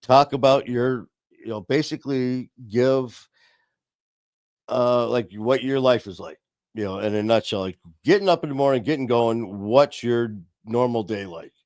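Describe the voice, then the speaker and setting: A man's voice: mid-range voice, measured pace, darkish tone, dry recording, studio quality. A man hosting a podcast, telling stories in a loose, unscripted way with many restarts and chuckles, speaking over a video call. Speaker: podcast host. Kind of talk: casual storytelling chat. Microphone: video call via streaming software.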